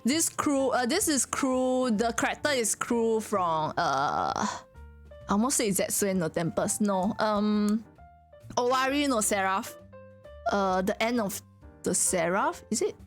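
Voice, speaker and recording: Faint music plays behind this woman streamer as she talks casually with her viewers at an unhurried pace. Her voice is medium-pitched, and she tells animated stories full of giggles and frequent laughter.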